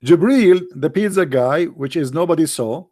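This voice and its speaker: High-voiced sarcastic man. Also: lively intonation, moderate pace, mellow. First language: Arabic. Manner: sarcastic, emphatic rhetorical questions. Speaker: religious critic. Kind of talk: polemical monologue.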